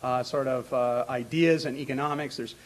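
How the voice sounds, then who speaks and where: A man's voice: mid-range voice, steady tone, normal speed, rough recording. A man introducing a panel at an academic conference, talking off the cuff with many fillers and restarts. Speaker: academic moderator.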